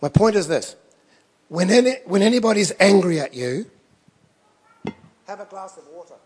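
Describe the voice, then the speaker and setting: A man's voice: high-pitched, lively intonation, normal speed, a little mellow, long reverb tail. A man preaching a sermon, telling stories in a conversational way with self-deprecating asides. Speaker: pastor.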